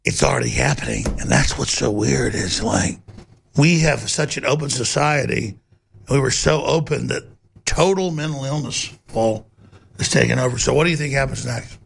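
A man hosting a talk show, rambling and emphatic, with wide swings from low growl to high outbursts. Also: normal speed, creaky, slight background noise. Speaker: host. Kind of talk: heated talk-show monologue.

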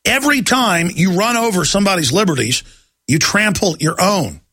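A talk-show man rants in an indignant monologue, his raised voice gravelly and husky. The tone is bright and forceful, and the studio sound is dry and close. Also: high voice, expressive, moderate pace, no echo. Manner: indignant, ranting.

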